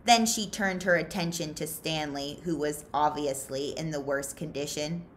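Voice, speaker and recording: A woman reading a children's novel aloud for a library, expressive and unhurried. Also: deep voice, slight background noise. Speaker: library read-aloud host.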